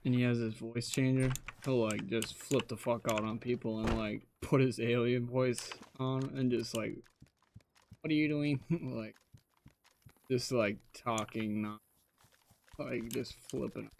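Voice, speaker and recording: A man's voice: medium pitch, level tone, unhurried, creaky, darkish tone, a little hiss or hum. A man in a casual gaming voice chat, telling loose stories and swearing heavily. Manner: loose storytelling, heavy swearing. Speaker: gamer in a voice chat.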